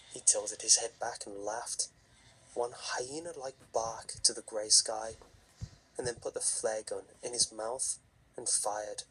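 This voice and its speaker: Slow husky man narrating horror. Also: lowish voice, fairly even intonation, rough recording. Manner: slow, measured, hushed delivery. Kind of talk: scripted horror story narration.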